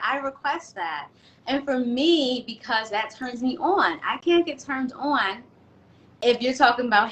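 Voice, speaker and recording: A woman guest on a talk show, outspoken and animated, sharing her opinions. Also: on the high side, normal speed, slight background noise, rough recording. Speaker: guest, doula and self-love specialist. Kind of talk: casual chat.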